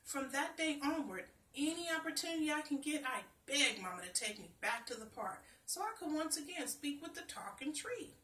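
A woman's voice: high-pitched, expressive, moderate pace, hardly any pauses, sharp tone, distant mic. Chatty woman storyteller in an echoey room. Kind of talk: storybook reading.

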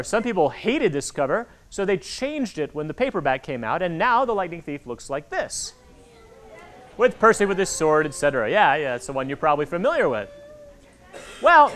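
A man in his forties giving an animated talk to children at a library, acting out the voices in his stories. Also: high-pitched. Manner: animated storytelling, acts out quoted voices. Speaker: author speaking to kids. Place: public library hall. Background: audience of children.

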